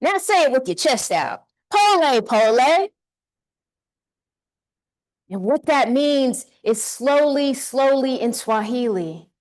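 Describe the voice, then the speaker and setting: Brief: energetic woman keynote speaker, highish voice, unhurried, gets the crowd repeating after her. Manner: energetic, leads audience call-and-response. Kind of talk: motivational keynote speech. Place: conference hall stage.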